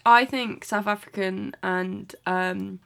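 A woman's voice: medium pitch, fairly even intonation, vocal fry, fairly bright tone. A young woman from New Zealand with an English accent and a faint Kiwi twang, chatting casually on a podcast, giggly and full of "like". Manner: quick, giggly, uses "like" a lot. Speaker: podcast co-host. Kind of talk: casual chat.

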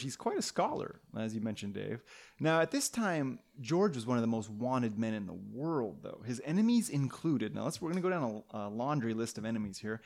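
A man with a gravelly voice at a middling pitch, telling a history story on a podcast. He talks casually and playfully, rambling off into tangents and restarting his sentences.

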